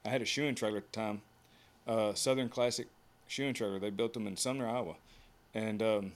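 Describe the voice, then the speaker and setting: A man's voice: on the low side, steady tone, brisk. Folksy man telling stories. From United States. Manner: folksy, acts out quotes. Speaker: guest. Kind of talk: casual storytelling.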